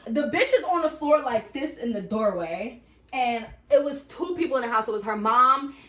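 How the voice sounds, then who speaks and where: A young woman casually telling a profane storytime, acting out her own shouting in a lively way. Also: a little high, moderate pace, echoey room. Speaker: vlogger.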